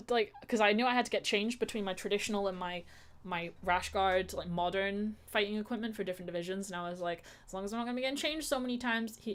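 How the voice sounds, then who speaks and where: A woman vlogger talking casually about her fights, rambling with lots of fillers and restarts. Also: lowish voice. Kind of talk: casual chat.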